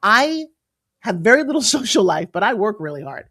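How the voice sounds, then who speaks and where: A middle-aged woman being interviewed as a guest, telling her stories in a lively, emphatic way with quick asides. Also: mid-range voice. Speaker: guest, entrepreneur and pitch coach. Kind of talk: animated storytelling interview.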